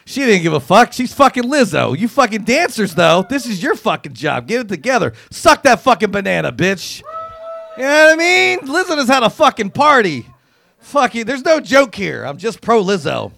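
High, gravelly-voiced man doing crude stand-up. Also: sing-song, moderate pace, pushed and bright. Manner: crude, profane, riffing with acted-out quotes. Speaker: comedian. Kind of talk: stand-up comedy routine.

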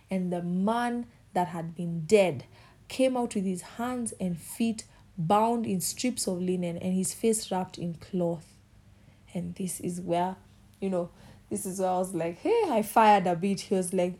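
A woman's voice: medium pitch, unhurried, warm tone. A woman preaching a passionate sermon, acting out the voices she quotes.

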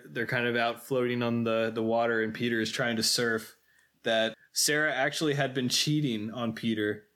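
A man's voice: mid-range voice, fairly bright tone. A man co-hosting a podcast, casually recapping a film in detail with frequent fillers. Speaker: podcast co-host.

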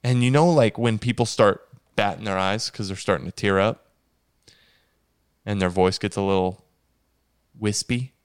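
A man telling a funny true story in a deadpan, casual way. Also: lowish voice, moderate pace, pauses often, clear, resonant tone. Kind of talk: casual spoken anecdote.

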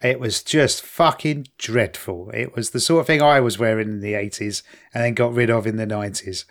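A man's voice: lowish voice, moderate pace. A man in casual podcast banter, blunt and crude with jokey asides. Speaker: podcast co-host. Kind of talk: casual chat.

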